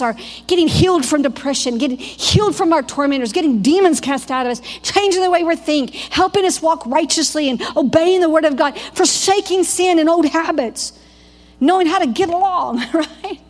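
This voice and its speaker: A high-pitched woman preaching with fervent, preacherly conviction. She teaches a Bible school class, dropping into quoted prayers and quick asides to the room. Her voice rings out with a long reverb, as in a large hall. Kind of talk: teaching sermon.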